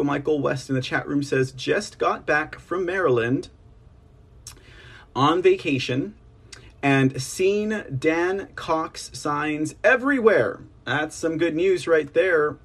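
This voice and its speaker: A man hosting an online political news livestream, rambling casually, reading statements aloud and speaking to viewers as ladies and gentlemen. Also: fairly high pitch, breathy edge. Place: home setup on a slow connection.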